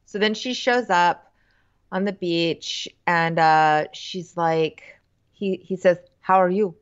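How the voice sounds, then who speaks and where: A woman co-hosting a casual podcast, recapping a TV show from her notes in an unhurried way with fillers. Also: lowish voice, smooth, lo-fi sound. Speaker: podcast co-host.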